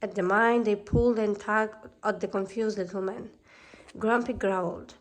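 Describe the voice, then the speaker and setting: A woman narrating a fairy tale as a calm storybook reading. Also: mid-range voice, moderate pace.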